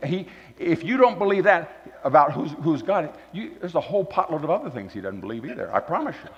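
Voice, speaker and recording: Folksy male guest preacher, expressive delivery, muffled recording with long church echo. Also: on the high side. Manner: folksy, animated, swings from loud emphasis to quiet asides. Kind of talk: sermon. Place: church hall. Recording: dull recording with long hall reverb.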